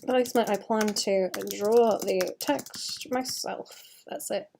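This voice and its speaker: A woman's voice: mid-range voice, slow pace, creaky, darkish tone, slight background noise. A woman in her late twenties, an artist chatting casually on a livestream while drawing, swearing freely and laughing at herself. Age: late 20s.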